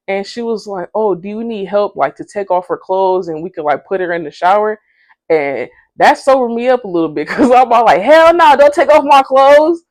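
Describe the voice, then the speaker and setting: Lively young woman telling a storytime. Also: mid-range voice, dry recording, studio quality. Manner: animated, profane, slangy, acts out quotes in her own voice. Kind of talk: casual storytime.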